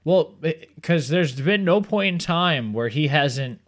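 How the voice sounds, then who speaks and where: A man co-hosting a podcast, talking about wrestling in a relaxed, agreeable way with some playful quizzing. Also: fairly high pitch, unhurried. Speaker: podcast co-host. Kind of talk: casual wrestling recap chat.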